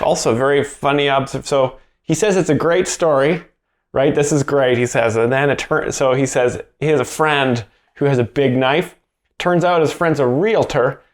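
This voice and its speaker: A man hosting a parody commentary, explaining comedy in an earnest, mock-serious way. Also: a little high. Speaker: host, mock joke explainer.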